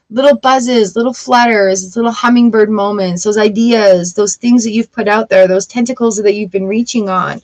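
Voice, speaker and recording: A woman's voice: fairly high pitch, low-quality recording. A woman reading tarot cards for a live audience, chatty and upbeat, greeting viewers by name between cards. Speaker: tarot reader.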